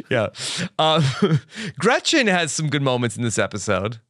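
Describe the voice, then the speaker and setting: A man co-hosting a podcast, recapping a TV episode in casual chat and bursting into shouts when acting out the characters. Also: fairly high pitch, wildly swooping pitch, slow pace, no echo, clean studio sound. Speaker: podcast co-host.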